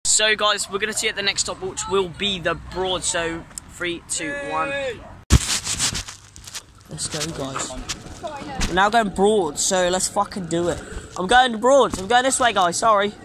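A teenage boy vlogging outdoors by traffic, talking excitedly to his viewers and swearing freely. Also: sits high, unhurried. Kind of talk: casual vlog talk to camera. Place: outdoors in an urban park by traffic. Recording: loud outdoor street noise.

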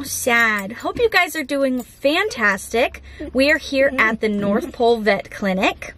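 Bright-voiced woman vlogging to camera. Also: sits high, animated, measured pace, slight background noise. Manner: soothing a nervous puppy, then chatty. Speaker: family vlogger. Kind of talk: casual vlog talk to camera. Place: vet clinic and outdoors in snow.

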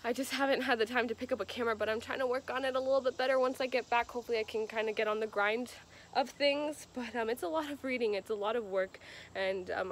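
A young woman from Georgia in the US, vlogging in a chatty, rambling way, slightly nasal from a cold. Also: fairly high pitch. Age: young adult. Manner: chatty and rambling, with frequent fillers. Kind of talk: casual chat to camera. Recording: noisy background.

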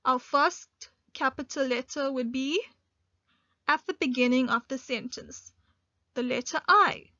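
A woman teaching an online grade one English lesson, speaking slowly and clearly and stressing key words. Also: sits high, sharp tone, no echo. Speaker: primary school teacher. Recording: dull lo-fi dry recording.

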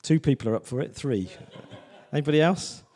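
A man gives a sermon in a church with a mellow, warm tone. He talks loosely and personally, stopping often to check in with the congregation. His pitch sits in a middle range. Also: expressive, normal speed, breathy edge, big-room sound. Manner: conversational, repeats "do you know what I mean". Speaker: visiting preacher.

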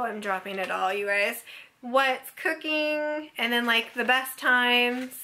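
Gushing high-voiced woman haul vlogger. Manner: gushing, excitable, keeps saying "oh my gosh, you guys". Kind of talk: casual product haul chat.

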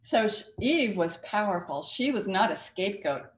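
A woman's voice: medium pitch, lively intonation, normal speed. A woman author and cartoonist being interviewed on a talk show, talking emphatically with a storyteller's flair. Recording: echoey studio room.

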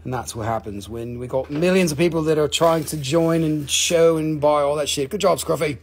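A man's voice: a little high, normal speed, slight background noise. A man hosting a live stream to sell crystals, talking casually, swearing freely and counting down each sale.

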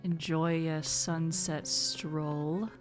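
A young woman narrates her gameplay in a calm, reflective way. She speaks slowly and softly in a lowish voice. Quiet music plays faintly behind her. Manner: soft-spoken, calm and reflective. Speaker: gaming video host. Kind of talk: gentle mindful gameplay commentary.

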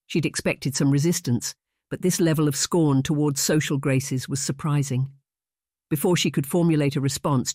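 Steady audiobook narrator, dry close sound. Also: mid-range voice, dry recording. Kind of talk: scripted narration.

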